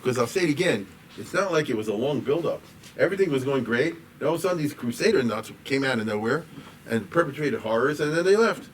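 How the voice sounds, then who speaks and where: A man teaching a class as a rabbi, in a conversational, digressive way that grows animated when he quotes. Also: mid-range voice, fast talker. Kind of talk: informal lecture. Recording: distant mic with faint room noise.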